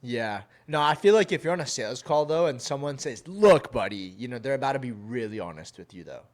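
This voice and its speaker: A man co-hosting a podcast in laid-back, casual talk, laughing and slipping into quick voices. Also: mid-range voice, lively intonation. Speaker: podcast co-host.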